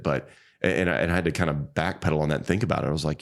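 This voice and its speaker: Man, very low voice, rambling storyteller, interview guest. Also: very fast, creaky. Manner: rambling, many restarts, quotes people with pitch jumps. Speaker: fly shop owner, podcast guest.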